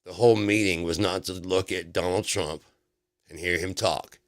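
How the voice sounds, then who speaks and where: A man's voice: deep voice, fairly even intonation, normal speed. A man hosting a livestream, ranting about politics in a profane, sarcastic way with many restarts. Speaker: livestream host. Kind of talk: casual political rant on a livestream.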